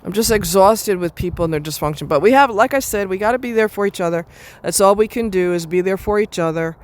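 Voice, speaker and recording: Woman ranting to the camera, cusses a lot, rambles and restarts, mid-pitched. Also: fast. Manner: blunt, profane, ranting. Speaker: vlogger. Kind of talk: casual venting monologue.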